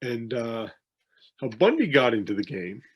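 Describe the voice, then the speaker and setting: A man's voice: medium pitch, big pitch swings, a little slow, slightly rough. A man co-hosting a podcast, telling rambling anecdotes with many restarts and fillers in a casual chat. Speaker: podcast co-host, wrestling promoter.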